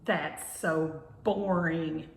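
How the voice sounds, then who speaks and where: A haughty little boy kitten from a storybook who drawls slowly and sounds thoroughly bored, as a woman puts him on. The voice sits in a roomy space. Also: low-pitched, steady tone, exaggerated voice. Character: haughty male Persian kitten, lazy and drawling. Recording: roomy echo.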